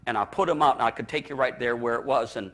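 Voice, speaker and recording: A man's voice: mid-range voice, fast talker, fairly bright tone. A man from the Chicago area, a pastor preaching a personal testimony, telling it with emotion and stammered repeats. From Chicago area, USA.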